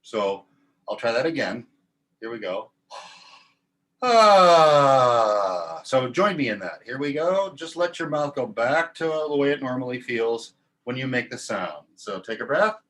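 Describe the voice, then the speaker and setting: A man in a mid-pitched voice leads a choral warm-up, talking through breath and vowel placement and then modeling each sound. His delivery is calm and instructive, paced for a group following along. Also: normal speed. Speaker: choir teacher. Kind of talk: guided vocal warm-up lesson.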